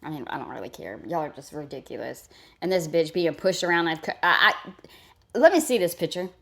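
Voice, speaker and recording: A woman's voice: low voice, animated, a little fast, gravelly, a bit bright. A woman streaming live and reacting to a clip with mocking, profane commentary, talking back at the person on screen.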